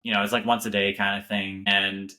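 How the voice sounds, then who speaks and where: A man in his late twenties on a podcast speaks slowly and carefully, pausing on ums. His voice is low yet bright and forward. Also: level tone. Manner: measured, hesitant with ums, wry. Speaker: podcast co-host. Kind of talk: casual chat.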